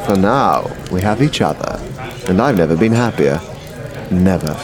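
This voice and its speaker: An actor playing a smooth, carefree young suitor in a radio play. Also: male voice, deep voice, animated, moderate pace, a crowd in the background. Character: charming young male suitor, easygoing and flattering.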